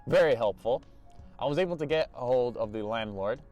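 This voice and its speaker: A young man telling a storytime vlog, animated, restarting and repeating himself, laughing often. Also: mid-range voice, moderate pace, faint music behind. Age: young adult. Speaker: vlogger.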